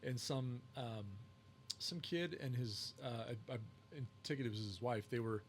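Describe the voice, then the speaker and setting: A man's voice: mid-range voice, measured pace, a little hiss or hum. A man, a podcast guest who makes cigars, telling long casual stories with lots of fillers and restarts. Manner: rambling, many fillers and restarts. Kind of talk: casual storytelling.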